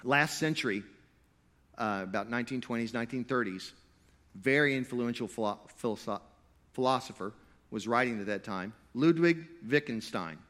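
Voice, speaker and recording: A man preaching a sermon to a live congregation. He swings between loud, emphatic stretches and quiet asides, and he jokes with the crowd. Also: medium pitch, normal speed. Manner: playful, jokey with the crowd. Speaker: pastor.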